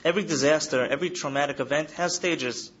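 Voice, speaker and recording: A man in his thirties gives an earnest lecture to students, a slightly higher voice and key phrases said again and again. The recording sounds dull and lo-fi, a faint hiss behind him. He seems to be speaking in a study hall. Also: fast talker, a bit bright. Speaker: trauma counselor speaking to yeshiva students. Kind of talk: lecture to an audience.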